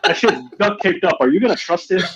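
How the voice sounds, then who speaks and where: A man's voice: sits high, fast talker. A man co-hosting a casual chat show, telling stories with heavy swearing and acting out quotes. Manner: animated storyteller, heavy swearing, acts out quotes. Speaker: podcast co-host. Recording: muffled lo-fi mic.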